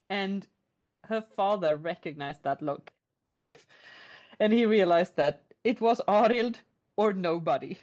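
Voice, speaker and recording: A woman retelling an old folk tale in a chatty, animated storytelling style. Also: lowish voice, a little slow. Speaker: podcast storyteller. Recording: lo-fi podcast audio.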